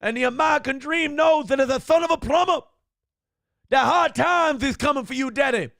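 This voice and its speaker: A boastful, swaggering showman bellows in a high, strained, sing-song drawl, stretching every word like a ring promo. The voice is gravelly and close to the mic in a dry room. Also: moderate pace, fairly bright tone, no echo, exaggerated voice. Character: booming swaggering showman, grown man, boastful.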